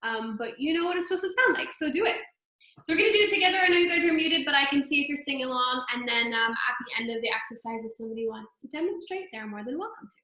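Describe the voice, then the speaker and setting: Young female voice coach, high bright chatty delivery, very echoey room on a laptop mic, faint piano. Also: lively intonation, fast talker. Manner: chatty, upbeat, filler-heavy, sings exercises. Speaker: voice teacher. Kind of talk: online group voice lesson. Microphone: laptop microphone.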